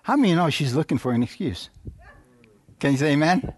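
A male pastor preaching a sermon, calling for amens, chuckling at times and reading scripture slowly. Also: a little high, big pitch swings, husky, no room sound.

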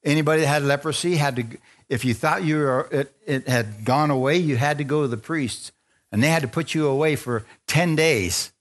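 Animated preacher man calling for amens. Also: fairly quick. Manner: animated, asks the congregation for amens; laughs often, acts out quotes in a higher voice. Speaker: pastor. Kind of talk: sermon.

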